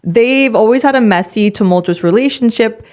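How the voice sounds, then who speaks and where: A woman's voice: a little high, moderate pace, a little mellow. A young woman co-hosting a podcast, giving emphatic opinions and confident explanations in casual chat. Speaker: podcast co-host.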